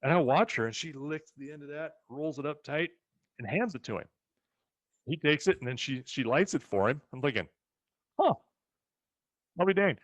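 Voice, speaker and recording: Fairly quick and mid-range in pitch, a ranch co-host from the rural western United States chats casually through family stories. He's an animated teller who voices other people's lines, recorded with no room sound.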